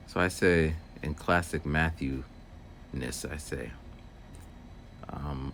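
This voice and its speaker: A man's voice: sits low, lively intonation, a little slow, pauses often, fairly bright tone, a little hiss or hum. A man who works as a teacher's aide, rambling through a casual story outdoors while walking and acting out voices. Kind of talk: casual walking vlog monologue.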